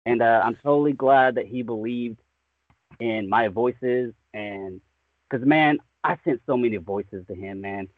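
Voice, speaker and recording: A man's voice: medium pitch, a little slow, no echo. A man, a voice actor guest, chatting casually and enthusiastically, often saying "man" and "dude". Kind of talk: casual podcast chat. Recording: tinny phone-like line, dry.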